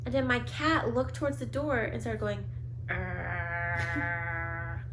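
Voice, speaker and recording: A woman's voice: fairly high pitch, normal speed, background noise. A young woman casually telling spooky family stories to a camera, chatty and full of "like", laughing often. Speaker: vlogger, co-host. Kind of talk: casual storytelling.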